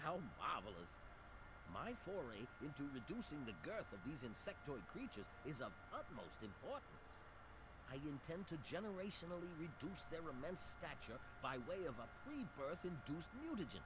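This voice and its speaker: A fussy, swooping nerd scientist. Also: male voice, on the high side, moderate pace, noisy background. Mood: eager. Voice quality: stereotypical nerd voice, prim and precise. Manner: pompous, excitable diction. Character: fussy nerdy male scientist, prim and eager. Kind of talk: video game voice acting.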